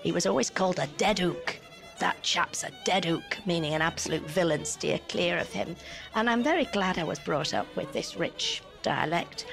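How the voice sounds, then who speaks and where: Archive interviewee: Lancashire woman, low gravelly voice, unhurried recollection. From Oldham, Lancashire. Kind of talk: reminiscing oral history. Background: faint fiddle music.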